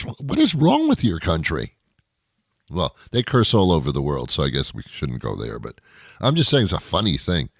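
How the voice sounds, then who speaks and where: A man's voice: on the low side, dry recording, studio quality. A middle-aged man from Canada hosting a talk show, ranting in disbelief and mocking people with imitations. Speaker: radio show host. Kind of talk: solo talk show monologue.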